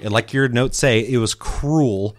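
A man chatting casually about a video game, telling a story with lots of swearing and animated quoting. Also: mid-range voice, slow, a crowd in the background. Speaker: co-host. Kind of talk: casual gaming chat.

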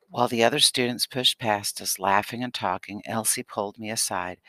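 A man reads a children's novel aloud in a steady, expressive way. His voice sits low but sounds bright and forceful. The recording is close and dry, with no room sound. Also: normal speed, few pauses, no room sound. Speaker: audiobook narrator. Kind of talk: scripted audiobook narration.

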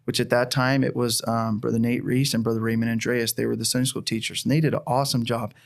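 An earnest man of average pitch tells a heartfelt personal testimony as a church planter. He talks through his story with frequent restarts, plain and sincere. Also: little pitch movement, fast, gravelly.

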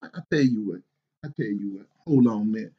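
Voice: mid-range voice, fast talker, slightly rough, lo-fi sound, close to an everyday voice. A performer playing a stern, hardworking father who scolds his grown son with sarcasm in a comedy skit. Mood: mocking. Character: stern middle-aged working father.

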